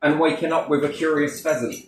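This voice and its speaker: A man's voice: a little high, steady tone, a little fast. A man telling rambling, profane anecdotes in a casual chat, heavy on swearing. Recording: roomy, distant mic, faint noise.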